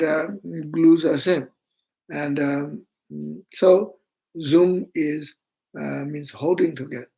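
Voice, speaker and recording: A man with a Tibetan accent, a native Tibetan speaker, gives an online Buddhist teaching in a slow, halting way, with many fillers, and chants mantras slowly. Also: fairly high pitch, vocal fry, dark tone, rough recording.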